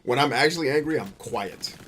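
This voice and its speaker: A man hosting a gaming show, riffing through casual gameplay commentary, boisterous and playful, full of slang and swearing, with sudden loud outbursts. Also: mid-range voice, animated, a little fast, slight background noise. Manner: boisterous and playful, bursts into loud shouts and laughter.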